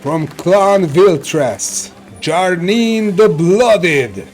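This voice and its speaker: A man puts on a booming male announcer who draws out every word in slow, grand proclamations. His pitch rises and falls widely as he calls out the contestants, over faint music and a murmuring crowd. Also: lively intonation, full character voice. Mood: proclaiming.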